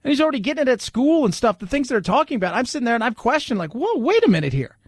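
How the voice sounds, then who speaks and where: A man's voice: very high voice, lively intonation, rapid-fire, no room sound. A middle-aged man hosting a talk radio show, blunt and jokey, slipping into mocking voices. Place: radio studio.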